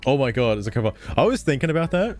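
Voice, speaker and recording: A man streaming live, chatting casually in an animated, profane way, his throat strained. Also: medium pitch, racing, soft background music. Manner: animated, profane, laughing often.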